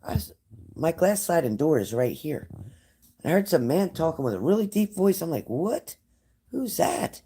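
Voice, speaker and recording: A man's voice: a little high, big pitch swings, moderate pace, mellow, a little hiss or hum. A man giving a casual live-streamed tarot reading at home, talking straight to a viewer and breaking off into chatty asides. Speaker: psychic tarot reader. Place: at home indoors by a glass sliding door.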